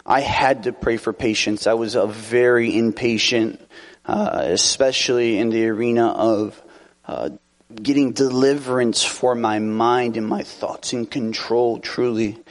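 A man delivers a sermon in a relaxed, conversational manner. His voice sits at an ordinary middle pitch, and he keeps checking in with the congregation through tag questions and brief chuckles. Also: unhurried. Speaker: preacher.

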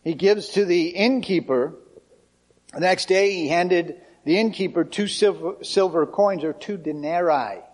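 A man's voice: sits high, unhurried, darkish tone. A male pastor preaching a sermon in a conversational, emphatic way.

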